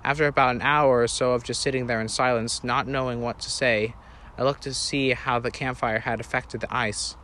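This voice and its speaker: A man narrates a first-person story in an earnest, plain reading style. His voice has a middling pitch, and he sometimes stops to correct himself. A faint hiss of background noise sits under the voice. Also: steady tone, moderate pace, sharp tone.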